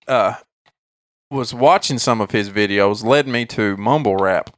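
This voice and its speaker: A man's voice: on the low side, dry recording, studio quality. A man, co-hosting a podcast in laid-back casual chat. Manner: laid-back, quick reactions and laughs. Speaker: podcast co-host.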